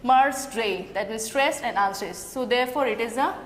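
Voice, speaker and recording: A woman giving a slow, explanatory lecture on a poem, reading the quoted lines deliberately. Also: fairly high pitch, a little hiss or hum. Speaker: literature teacher. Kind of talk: lecture on poetry. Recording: echoey room with long reverb.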